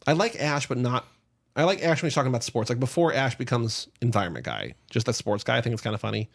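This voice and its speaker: A man's voice: mid-range voice, expressive, gravelly. A man co-hosting a book podcast, chatting casually and reading out listener questions. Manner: fast, chatty, reads listener questions aloud. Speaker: podcast co-host.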